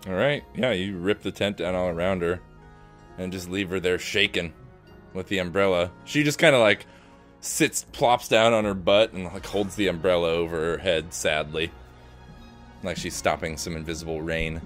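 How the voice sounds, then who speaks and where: A man's voice: low-pitched, steady tone, moderate pace, a bit bright, soft background music. A man running a tabletop game as game master, narrating loosely with lots of fillers.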